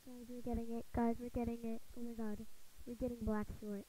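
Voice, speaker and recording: A woman giving casual gameplay commentary, excitable and gushing, often repeating her exclamations. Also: fairly high pitch, a little fast, rough recording. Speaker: gaming video creator.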